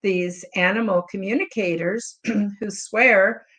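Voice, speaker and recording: A woman's voice: medium pitch, steady tone, slow pace, fairly bright tone. A woman hosting a podcast live chat, telling a personal story in a casual, rambling, openly emotional way with many fillers. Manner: rambling and heartfelt, many "you know" fillers. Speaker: podcast host.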